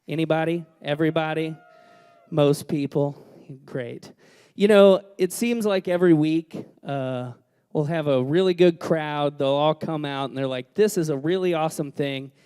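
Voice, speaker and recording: Brash high-voiced male comedy host. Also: a little slow, mellow, clear, resonant tone. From Kentucky. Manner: brash, profane, joking crowd banter. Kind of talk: live comedy show hosting. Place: small live music venue with audience.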